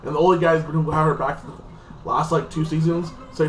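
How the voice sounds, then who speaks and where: A man's voice: fairly high pitch, flat delivery, fast. A man giving a casual, rambling episode recap, leaning on filler phrases like "like this". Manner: rambling, repeats "like this" and "freaking". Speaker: TV show reviewer. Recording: echoey room, distant mic, faint music.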